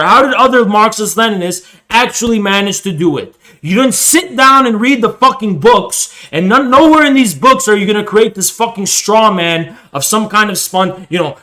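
A man with a high, bright, cutting voice tears into a video in a profane reaction rant. He taunts his target relentlessly, jumping from shouted outbursts to low, menacing mutters. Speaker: political streamer reacting to a video.

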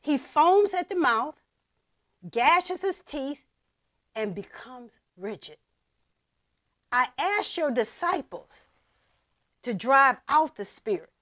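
Woman pastor, high voice, slow delivery, dramatic scripture reading, church sermon. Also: very animated, pushed and bright.

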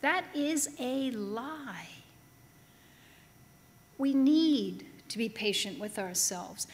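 Woman, pastor, sermon, slow and measured, fairly high voice, long chapel reverb. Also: lively intonation. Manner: storytelling with humor, slow and deliberate. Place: large chapel.

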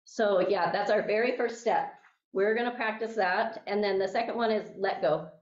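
A woman's voice: mid-range voice, normal speed. Chatty woman teaching in an echoey room. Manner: chatty, keeps checking in with "okay?" and "right?". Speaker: class instructor. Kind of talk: teaching a class, telling a story. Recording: echoey room, mic at a distance, dull sound.

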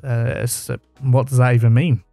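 A man's voice: medium pitch, little pitch movement, normal speed, creaky, mellow, dry recording, faint music behind. A man co-hosting a podcast in casual, joking chat, swearing freely and holding his mic in hand. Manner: swearing, joking, laid-back. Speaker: podcast co-host. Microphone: handheld mic.

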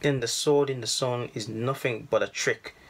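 A man voicing a scornful young man in a crowd, sneering and halting, with a husky voice. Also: mid-range voice, steady tone, fairly bright tone.

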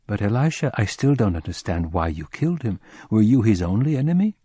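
A man's voice: on the low side, sing-song, fairly quick, warm tone, husky, no room sound. A man voicing an insistent male questioner in an audiobook, pressing with repeated questions.

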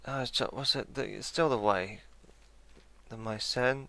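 A man's voice: mid-range voice, measured pace, gravelly, a bit bright. A man musing aloud while playing a strategy game, correcting himself and adding dry asides. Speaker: let's play gamer. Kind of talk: casual game commentary.

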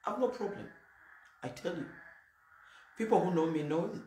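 A woman's voice: fairly low pitch, normal speed, warm tone. A woman pastor preaching a sermon in a blunt, emphatic, plain-spoken way. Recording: roomy echo, faint noise.

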